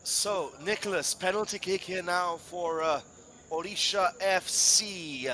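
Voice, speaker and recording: A man's voice: sits high, slow, a little hiss or hum. A man commentating live football, chatty and playful, whose first language is Spanish. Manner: chatty, playful, rising to excited shouts at big moments.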